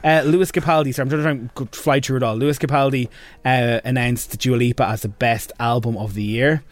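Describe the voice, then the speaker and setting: A man co-hosting a radio show, chatting and rambling through entertainment news with quick asides. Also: medium pitch, fairly even intonation, no echo. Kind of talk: casual radio chat.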